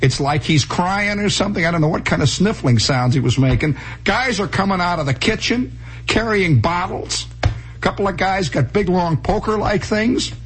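Brief: man, comic storyteller, lively swooping delivery, husky, old radio tape. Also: high-pitched, moderate pace, low-quality recording. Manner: animated, breathless storytelling with voiced characters.

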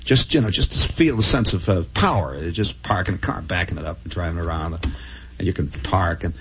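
A man spins a meandering story, talking wryly and casually with plenty of asides and restarts. His voice sits low and carries a husky grain. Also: fairly quick, a bit bright. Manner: wry, conversational, full of restarts and asides. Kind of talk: rambling first-person storytelling.

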